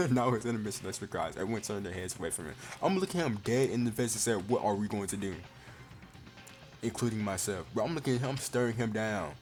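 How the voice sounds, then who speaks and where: A young man giving casual, excitable gameplay commentary. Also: fairly low pitch, quick pace, hardly any pauses, faint music behind. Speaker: gaming streamer.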